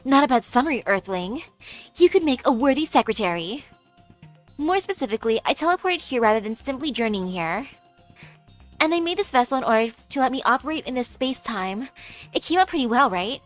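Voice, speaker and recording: A haughty would-be ruler of the planet from a game, as a woman reads her part, high-pitched and grandly pompous. The delivery stays close to the reader's own voice, with faint music under it. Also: animated, brisk, close to an everyday voice. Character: haughty self-styled alien ruler, young woman. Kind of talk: reading game dialogue aloud.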